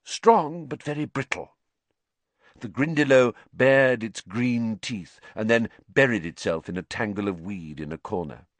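A man narrating an audiobook, reading with lively character work. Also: fairly low pitch, moderate pace, hardly any pauses, no room sound.

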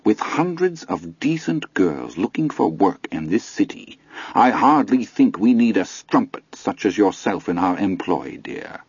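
A man's voice: fairly low pitch, big pitch swings, unhurried, husky, no room sound, dull audio, exaggerated voice. A man voicing a bitter, indignant middle-aged woman supervisor who speaks in a clipped, contemptuous way. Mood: bitter contempt.

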